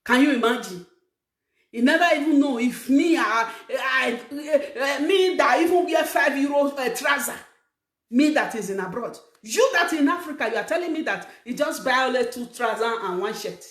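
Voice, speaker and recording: A middle-aged Nigerian woman hosting her own show, lecturing viewers in an emphatic, scolding way that rises to shouts. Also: high-pitched, animated, moderate pace, reverberant. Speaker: talk show host. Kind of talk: preaching monologue to viewers. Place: living abroad, in a room.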